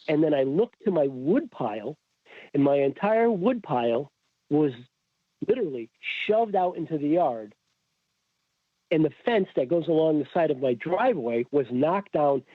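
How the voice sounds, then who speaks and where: A man from Connecticut tells a story on a podcast and acts out the people he quotes, his voice slightly high and very lively in pitch. The sound is dry and tinny, like a phone line. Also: dry recording. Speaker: podcast guest. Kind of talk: casual storytelling.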